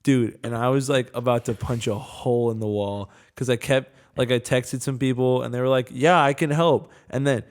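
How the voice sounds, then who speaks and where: A man's voice: medium pitch, little pitch movement, a little fast, few pauses, a little mellow. A young man co-hosting a casual podcast, telling a rambling, jokey story full of "dude" and "man". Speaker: podcast co-host. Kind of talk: casual chat.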